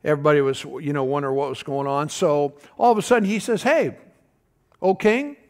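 A man delivering a sermon with a fairly high, lively voice. He stops and restarts his sentences, drops in fillers, and keeps calling questions out to his listeners. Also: fast, clear, resonant tone. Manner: animated preacher, calls to the congregation, pitch jumps high for emphasis. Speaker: pastor.

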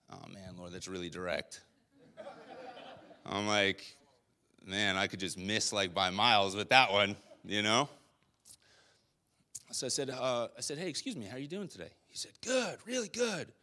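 A young man preaching a sermon, telling a personal story in a conversational, animated way with quoted dialogue. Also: fairly low pitch, normal speed, long pauses.

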